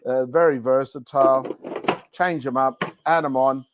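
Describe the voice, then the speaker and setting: A man's voice: medium pitch, fairly even intonation, moderate pace, background noise. A man hosting a casual livestream product show, chatting playfully and joking between demos. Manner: playful, jokey, rambling. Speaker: livestream shopping host. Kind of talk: casual product demo chat.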